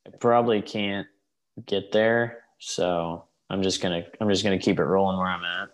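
A podcast co-host with a deep voice and fairly even intonation chats loosely at a normal pace while watching along. He curses often and keeps things jokey.

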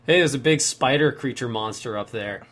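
A man's voice: mid-range voice, brisk, fairly bright tone. A young man in casual chat, telling a long story in a rambling way and correcting himself as he goes.

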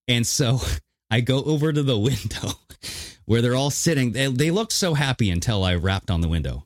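A man co-hosting a casual podcast, telling stories with animated delivery and acting out other people's voices. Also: medium pitch, normal speed, dry recording, clean studio sound. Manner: animated storyteller who acts out voices. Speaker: podcast co-host.

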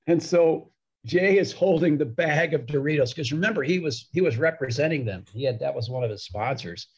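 This podcast interview features a middle-aged hockey broadcaster with a fairly high, husky voice, talking a little fast. He spins chatty anecdotes and imitates the people he's quoting.

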